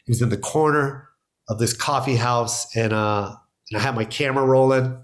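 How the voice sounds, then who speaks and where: A man telling stories in a casual interview, acting out what people said to him. He laughs between lines and jumps into high, excited bursts of voice, always at an everyday pitch. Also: normal speed. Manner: excited storyteller, acts out quotes, laughs often. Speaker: guest, stand-up comedian. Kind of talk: animated storytelling in casual chat.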